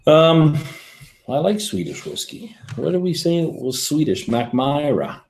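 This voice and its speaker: A man's voice: fairly high pitch, big pitch swings, a little slow, darkish tone. A man hosting a whisky livestream, rambling casually and answering viewer comments as he reads them. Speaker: whisky show host.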